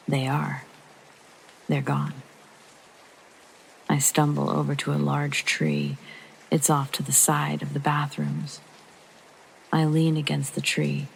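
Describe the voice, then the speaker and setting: A deeply gravelly, fry-laden voice reads a true horror story for sleep, slow and hushed, sometimes sinking to a near-whisper. Its pitch sits in a middling range. Faint rain patters underneath. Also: a little hiss or hum, low-quality recording. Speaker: narrator. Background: soft rain.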